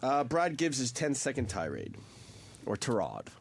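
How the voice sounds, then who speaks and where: A man's voice: mid-range voice, wildly swooping pitch, normal speed, creaky, slight background noise. A man co-hosting a radio talk show, swearing, laughing and mimicking the people he mocks. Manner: profane, laughing, mimics others. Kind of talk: mocking radio banter.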